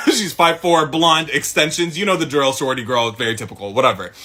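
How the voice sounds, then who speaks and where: A young man from the Middle East telling a casual storytime, animated and swearing freely. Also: fairly high pitch, brisk.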